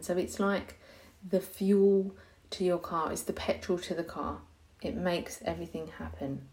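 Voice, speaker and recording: A woman's voice: fairly low pitch, mellow. A young woman hosting a podcast, chatting frankly and casually, laughing often. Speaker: podcast host, hypnobirthing teacher. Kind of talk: casual chat.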